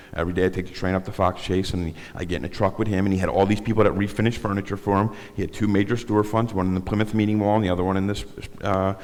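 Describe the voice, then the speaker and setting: A deep-voiced, middle-aged guest speaker from South Philadelphia gives a personal testimony from the bimah of a synagogue sanctuary, where a long echo lingers. He's candid and rambling, telling his story with self-mocking, self-deprecating humor.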